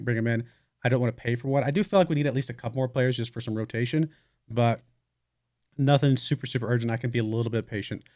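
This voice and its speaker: Young man, let's play host, casual rambling commentary, mid-pitched voice, dry close sound. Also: dry recording. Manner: relaxed, rambling, yawning, thinking aloud with fillers.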